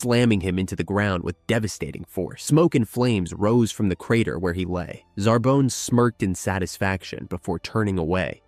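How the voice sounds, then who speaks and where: Low-voiced man narrating a story. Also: darkish tone, no room sound. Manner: dramatic storytelling. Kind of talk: scripted narration.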